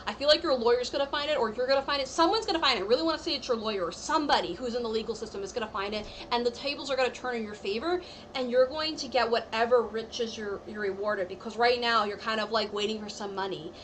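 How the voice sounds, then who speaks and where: Woman tarot reader on a live stream, chatty and reassuring, voice a little high, light hiss on the audio. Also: quick pace, a bit bright, rough recording. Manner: chatty, reassuring, full of "like" and "I feel like".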